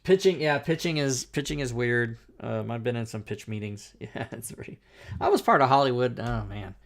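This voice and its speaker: A man's voice: medium pitch, moderate pace. Middle-aged man telling a profane story. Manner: animated, profane anecdote-telling with fillers. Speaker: talk show host. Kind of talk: casual storytelling chat.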